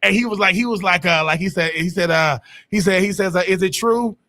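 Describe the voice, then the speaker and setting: A man with a high, bright voice co-hosts a sports talk show. He rambles through casual debate, restarting sentences and dropping slang as he goes. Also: a little fast. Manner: rambling, restarts often, Southern-tinged slang. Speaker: sports podcast co-host.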